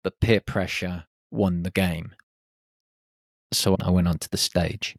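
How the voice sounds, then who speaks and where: A man in his forties from the UK, a podcast host telling a reflective personal story and acting out his nervous inner voice in hushed tones. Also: low voice, fairly even intonation, takes it slowly, no room sound, studio quality. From United Kingdom.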